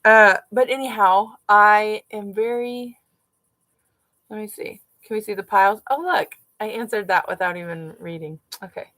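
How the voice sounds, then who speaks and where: A mom vlogger's live decluttering chat from her dining room has poor, dry audio. She talks at a normal speed in a medium-pitched, fairly bright voice, rambling and thinking aloud as she sorts craft supplies.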